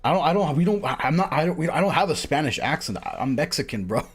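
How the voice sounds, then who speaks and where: A man streaming a game, chatting casually in a rambling way, full of fillers and quick laughs. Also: fairly high pitch, big pitch swings, slightly rough, faint music behind. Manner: rambling, filler-heavy, laughs often, says "bro" and "freaking". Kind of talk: casual live-stream chat while playing.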